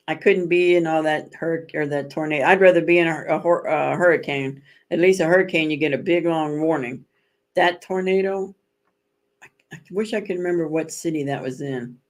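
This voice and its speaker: A woman with a low-sitting voice hosts a casual livestream chat, telling her viewers stories in a rambling way, correcting herself as she goes and adding dramatic emphasis.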